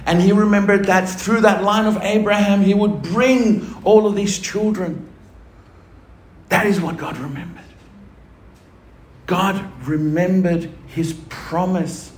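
A man's voice: sits high, slow. A man preaching a sermon, emphatic, asking the congregation rhetorical questions. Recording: echoey room with faint ambient noise.

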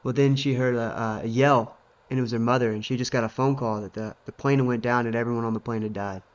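A married man, co-host of a faith podcast, tells a story at a quick clip, full of uh and you know. His voice sits mid-height, and the recording is a bit dull and muffled. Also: mid-range voice, steady tone. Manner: rambling storyteller with many fillers. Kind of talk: casual faith discussion.

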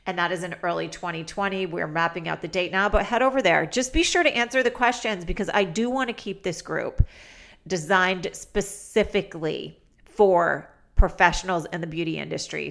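A woman's voice: fairly low pitch, creaky, a bit bright. A woman hosting her own podcast, talking in a chatty, upbeat and promotional way. She has a head cold that makes her voice nasal. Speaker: podcast host. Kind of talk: casual solo podcast talk.

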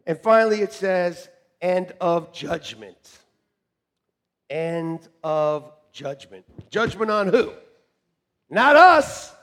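A middle-aged man preaching a sermon to a congregation, joking and animated, swinging from shouts to quiet asides. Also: high voice, slow pace, pauses often. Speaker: pastor. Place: church hall with congregation. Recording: long reverb of a church hall.

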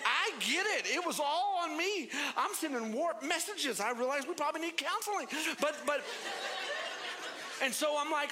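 A male pastor preaching a sermon, telling a story in an animated, playful way and acting out the voices in it. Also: extremely high pitch, moderate pace, background noise.

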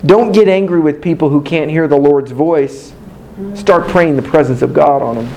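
A man's voice: a little high, normal speed, gravelly, mellow, poor audio. A man preaching a sermon in a hotel meeting room, building his points through rhythmic repetition and call-and-response with the congregation.

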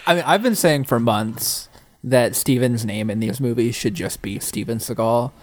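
A man's voice: mid-range voice, normal speed, a little mellow, dry recording. A man co-hosting a movie podcast, talking casually with wry humor and lots of restarts. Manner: hesitant, repeats words, wry. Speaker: podcast co-host. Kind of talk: casual movie-review chat.

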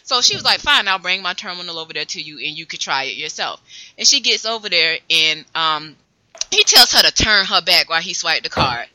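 A woman in her thirties, co-hosting a casual podcast chat and telling stories in an animated, emphatic way with frequent laughs. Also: fairly low pitch, fairly quick, no room sound, poor audio. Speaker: podcast co-host.

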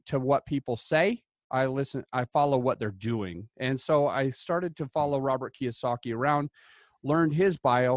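A man from Utah, a podcast guest, telling stories in a lively, enthusiastic way. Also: mid-range voice, dry recording. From Utah, United States. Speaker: podcast guest, real estate investor. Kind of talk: casual storytelling interview.

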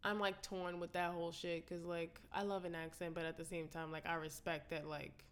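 A woman's voice: fairly low pitch, level tone, normal speed. A young woman co-hosting a casual chat, rambling with lots of filler words and blunt swearing. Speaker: podcast co-host.

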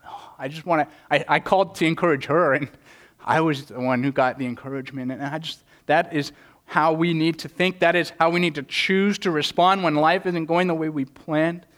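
A man's voice: on the high side, fairly even intonation, normal speed, a bit bright. A man preaching a sermon as pastor, earnest and repeating words as he presses each point. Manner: acts out quoted prayers in a raised voice.

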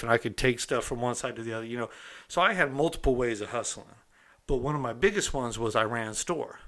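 A man whose mid-range voice carries a bit of brightness shares a personal story from his past. He keeps it casual and streetwise, regularly checking in with his listener as he goes.

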